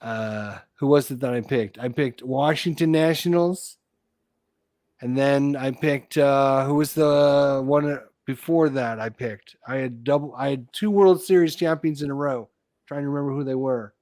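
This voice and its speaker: A man hosting a relaxed live chat, talking at a middling pitch and wandering off mid-thought to search his memory. His voice is recorded dry and close, with no room sound around it. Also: a little slow, no room sound. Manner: rambling, loses his train of thought. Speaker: podcast host.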